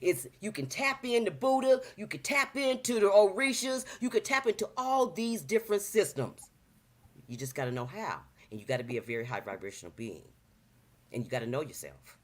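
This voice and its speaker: A woman in her fifties chatting casually as a talk show guest, animated and preachy, full of slang, acting out little quoted voices. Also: mid-range voice, brisk. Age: 50s. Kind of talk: casual chat.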